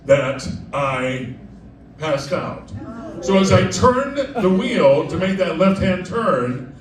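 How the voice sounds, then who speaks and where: High-voiced man telling a laughing story. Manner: chatty, digressive, often laughing mid-sentence. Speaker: cabaret performer. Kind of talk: live comic storytelling. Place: club stage with diners. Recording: echoey live room, distant mic, crowd noise.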